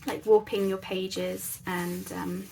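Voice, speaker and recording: Chatty woman, slightly gravelly. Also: mid-range voice, flat delivery, takes it slowly, darkish tone, slight background noise. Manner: chatty, rambling, self-deprecating. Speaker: crafting channel host. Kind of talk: casual craft tutorial chat.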